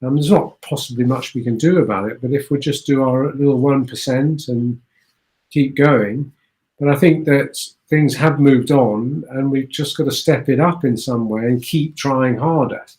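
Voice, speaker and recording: A man speaking as an interview guest, rambling along with halting, repeated words. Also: medium pitch, darkish tone. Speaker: guest explorer. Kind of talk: conversational interview.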